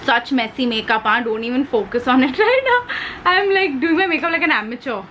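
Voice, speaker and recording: A young woman with an Indian English accent talks through her makeup routine in a loose, chatty vlog way. Her voice sits a little high, and she mixes in Hindi words. A faint hum of room noise sits behind her. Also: animated, a little fast, fairly bright tone, poor audio. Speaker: beauty vlogger. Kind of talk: casual chat while doing makeup.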